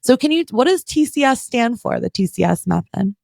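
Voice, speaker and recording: A woman in her thirties hosting a podcast interview, talking in a casual, conversational way full of fillers. Her voice has a gravelly, creaky edge, and the sound is close and dry. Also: fairly high pitch, very animated, fairly quick, a little mellow, dry recording. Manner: conversational, shares parenting stories, frequent fillers. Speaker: podcast host, therapist.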